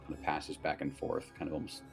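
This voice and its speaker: A man narrating a tabletop game as game master, in a loose, relaxed way with lots of fillers. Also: a bass voice, brisk, gravelly, soft background music.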